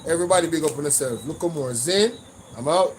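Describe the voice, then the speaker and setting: Animated Jamaican man, fairly high voice. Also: fairly quick, a little hiss or hum, low-quality recording. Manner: animated, repeats "you know" often, mixes patois and English. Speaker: livestream host. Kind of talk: casual livestream chat.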